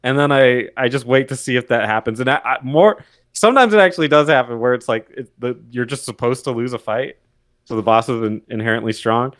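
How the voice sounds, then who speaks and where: A man's voice: medium pitch, a little fast, a bit bright. A man co-hosting a casual podcast, rambling and thinking aloud. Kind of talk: casual chat.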